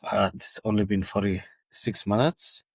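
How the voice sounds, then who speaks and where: A man's voice: lowish voice, fairly even intonation, a little slow, breathy edge, no echo. A man hosting a football podcast in a casual monologue, chatty and exasperated, stumbling over names.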